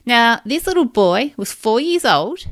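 A woman's voice: on the high side, big pitch swings, measured pace, no room sound, studio quality. A woman, hosting a podcast and telling personal stories in a candid, emotional, rambling way. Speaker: podcast host.

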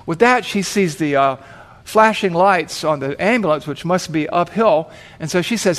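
A man's voice: on the high side, animated, normal speed, fairly bright tone. A man preaching, telling a long story vividly and acting out the voices in it. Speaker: pastor. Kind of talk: sermon storytelling.

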